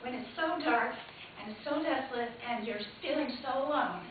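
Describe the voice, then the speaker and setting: A woman performing an emotional, dramatic monologue, her loudness swinging sharply from hushed to loud. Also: on the high side, normal speed, slight background noise. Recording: echoey hall heard from far, tinny lo-fi camcorder sound.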